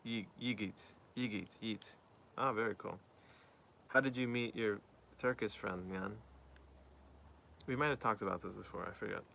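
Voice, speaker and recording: A man's voice: fairly low pitch, normal speed, gravelly, pauses often, bright, forceful tone, slight background noise. A man chatting casually on a live stream, reading out viewer messages and answering them.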